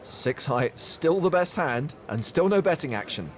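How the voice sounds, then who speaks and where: Lively male poker commentator. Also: a little high, a little slow, slight background noise. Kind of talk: play-by-play commentary.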